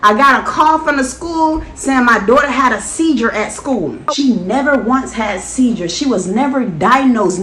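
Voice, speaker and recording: A woman delivers an earnest, preachy personal testimony, her voice sitting a little high. The recording sounds echoey, as if made in a bare room. A faint background noise runs underneath. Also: a bit bright. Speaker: vlogger.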